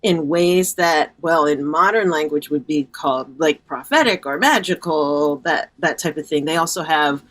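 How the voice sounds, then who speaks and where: A woman guest on a podcast, calmly and confidently explaining her ideas. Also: deep voice, moderate pace, hardly any pauses. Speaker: podcast guest, reiki practitioner. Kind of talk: explanatory interview talk.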